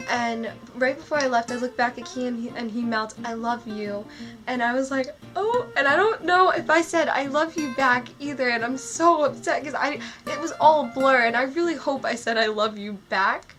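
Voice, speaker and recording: Excitable young woman over music. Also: on the high side. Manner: gushing, excitable, many "like" fillers. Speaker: vlogger. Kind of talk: storytelling vlog. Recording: music playing under the voice.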